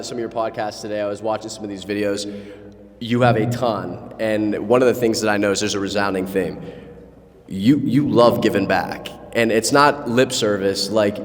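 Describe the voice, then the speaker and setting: A man interviewing a guest onstage, enthusiastic with hesitant restarts. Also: lowish voice. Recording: hall with reverb.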